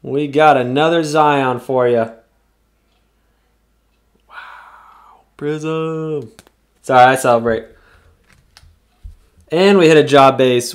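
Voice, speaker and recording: Excitable man hosting a card break. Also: fairly high pitch. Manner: excitable, whoops at big hits; reads player names off cards. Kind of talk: live card break commentary.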